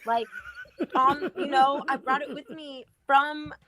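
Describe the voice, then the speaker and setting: A young adult woman co-hosting a podcast, in an animated, laughing casual chat with easy slang. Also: high voice, slow pace, a crowd in the background. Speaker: guest co-host.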